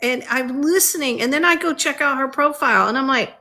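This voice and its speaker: Bright-voiced, chatty woman guest. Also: sits high, a little fast, hardly any pauses. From Texas, United States. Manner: chatty, indignant. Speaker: livestream guest. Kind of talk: casual chat.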